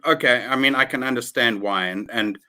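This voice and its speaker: This is a middle-aged man from South Africa on a casual livestream. He speaks in an ordinary mid-range voice and rants in a blunt, animated way, with plenty of swearing. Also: mid-range voice, brisk. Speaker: livestream guest.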